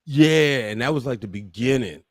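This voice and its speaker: A man co-hosting a podcast in casual chat, explaining his points in an easygoing, relaxed way. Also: medium pitch, moderate pace, no echo, studio quality. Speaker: podcast co-host.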